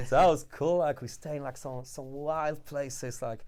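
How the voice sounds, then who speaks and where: Animated man telling stories. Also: mid-range voice, moderate pace, hardly any pauses. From Ukraine. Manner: animated storyteller, swears, laughs often. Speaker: guest. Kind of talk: casual podcast chat.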